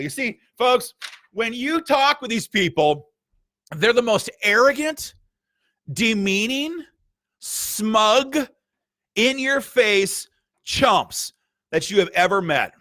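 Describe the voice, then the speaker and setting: A man's voice: high voice, huge pitch swings, unhurried, sharp tone, no room sound. A man hosting a political commentary, reading emails aloud in a combative, sarcastic and mocking way. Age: adult with a school-age child. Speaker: gun rights group host.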